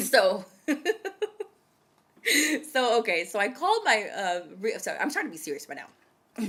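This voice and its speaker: A woman's voice: mid-range voice, moderate pace, breathy edge. A woman in her twenties telling a personal story to her viewers in a casual vlog, dramatic and chatty. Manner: animated, dramatic storytelling that addresses viewers directly. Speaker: vlogger.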